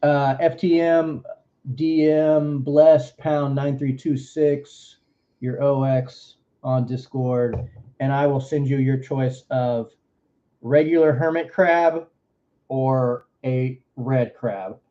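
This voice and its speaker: Warm-voiced Southern man, rambling stream host. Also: mid-range voice, fairly even intonation, slow pace, highs cut off. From Florida. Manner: rambling, joking, drawling asides. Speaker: livestream host. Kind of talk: casual stream chat.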